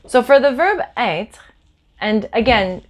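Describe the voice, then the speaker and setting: A woman teaching a beginner French lesson in a patient, explanatory way, repeating words slowly for learners. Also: fairly high pitch, expressive. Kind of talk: online language lesson. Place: Los Angeles.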